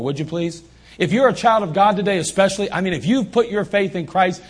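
A man preaching a sermon as pastor in a church, emphatic and repeating his phrases for stress. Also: high-pitched. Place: church sanctuary.

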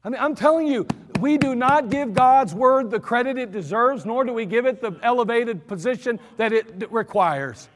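A man preaching an emphatic sermon, slowing down and repeating lines for stress. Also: extremely high pitch, long reverb tail. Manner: emphatic, repetitive, slows for stress.

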